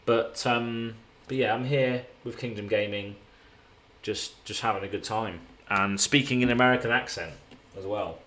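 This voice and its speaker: Laid-back English man, low voice. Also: moderate pace, fairly bright tone. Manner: rambling, laid-back, swears casually. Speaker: streamer. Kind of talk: casual live-stream chat. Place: hotel room.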